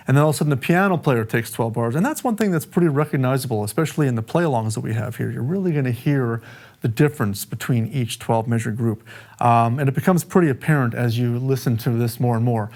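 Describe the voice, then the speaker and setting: A man giving a casual music lesson, explaining song form in a relaxed, conversational way and counting bars aloud. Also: mid-range voice. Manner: counts bars aloud over a playing track. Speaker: music teacher. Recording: music playing behind the voice.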